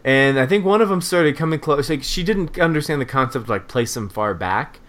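A man in his thirties co-hosting a casual podcast, his voice sitting fairly high for a man. He tells stories with a lively, swooping pitch and swears freely. When he imitates his frightened child, he jumps up into a high squeal. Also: fairly quick. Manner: animated storytelling, heavy swearing, mimics a scared child in a high squeal. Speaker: podcast co-host. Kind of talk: casual parenting podcast chat.

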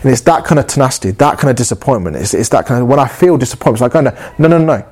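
Male preacher, mid pitch, earnest and passionate, restarts phrases as he builds his point. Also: animated, very fast, a little mellow. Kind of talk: sermon.

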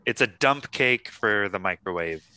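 A man's voice: lowish voice, animated, moderate pace, sharp tone, clear, resonant tone, no echo. A man hosting a casual podcast chat, rambling and swearing freely as he talks. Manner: chatty, profane, rambling asides. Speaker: podcast host.

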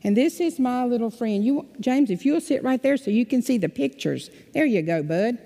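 A woman telling a story at a children's sermon in a church, asking the children lively, coaxing questions. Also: a little high, moderate pace, gravelly. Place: church sanctuary. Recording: long hall reverb.

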